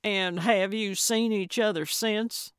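A woman's voice: mid-range voice, fairly even intonation, slow pace, clear, resonant tone, no echo, clean studio sound, lightly acted. A woman voicing a prickly, jealous older lady who uses a walker, speaking in a curt, grudging way in an audiobook. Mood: probing. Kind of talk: audiobook character voice.

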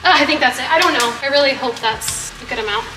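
A woman's voice: high-pitched, quick pace, background noise. A young woman chatting to viewers in a casual cooking vlog, a bit frantic as she cooks in her kitchen. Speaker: vlogger. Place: home kitchen. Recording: echoey kitchen with long reverb. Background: soft background music.

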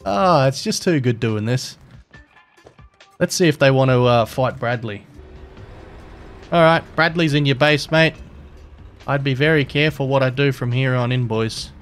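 A man's voice: medium pitch, moderate pace, pauses often, faint music behind. A young man commentating his game live, cheeky and taunting, swearing freely. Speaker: gaming streamer and server admin.

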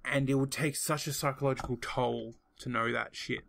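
A young Australian man hosting a laid-back podcast, with a middle-pitched voice. He rambles through his points, restarts sentences, and drops casual swearing. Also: fairly even intonation, moderate pace, vocal fry, fairly bright tone. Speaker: podcast host. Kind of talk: casual chat.

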